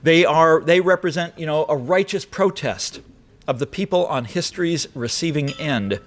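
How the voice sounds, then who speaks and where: In a lecture hall, a man delivers a political speech in a slightly high voice at ordinary speed. His address is forceful and rhetorical, punctuated by dry asides to the audience.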